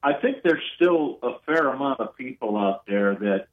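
A man's voice: medium pitch, expressive, normal speed, phone-quality sound. A man calling into a talk radio show, telling a folksy family story and acting out the voices of his relatives. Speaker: caller.

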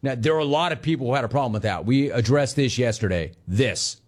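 Man, sports talk host, casual chat, joking riffs on viewer comments, mid-pitched voice. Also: fast, darkish tone. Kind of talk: casual chat reading listener messages.

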